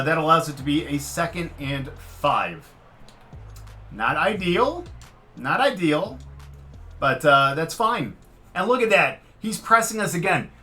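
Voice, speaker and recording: A man giving live commentary over his own football video game, swinging from muttered frustration to loud excitement. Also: on the high side. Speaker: gaming commentator.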